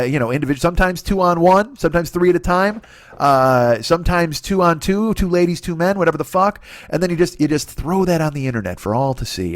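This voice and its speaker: A man in his forties hosting a solo comedy podcast, rambling and crude, breaking off his own sentences and slipping into quick voices. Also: on the high side, no echo, studio quality. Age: 40s. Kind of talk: solo comic monologue.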